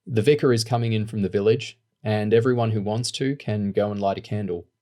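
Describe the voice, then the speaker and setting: A man reading an audiobook, voicing a calm, earnest twelve-year-old boy with an Australian accent. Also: lowish voice, brisk, natural voice.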